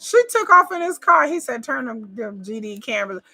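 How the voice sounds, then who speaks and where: A woman's voice: on the high side, animated, fairly quick, bright, forceful tone, breathy edge. A woman giving casual reaction commentary on a reality show, chatty and repetitive, swearing and talking straight to her viewers. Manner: chatty, repeats herself, swears, addresses viewers as y'all.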